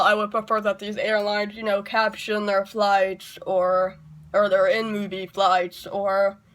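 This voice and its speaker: A woman's voice: mid-range voice, a bit bright. A woman talking to camera in a casual vlog monologue, chatty and wry, rambling off into asides. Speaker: YouTuber.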